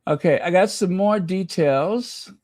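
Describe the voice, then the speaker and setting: A man hosting a live stream, gushing excitedly to his viewers. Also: high voice, unhurried, no echo, clean studio sound. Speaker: channel host.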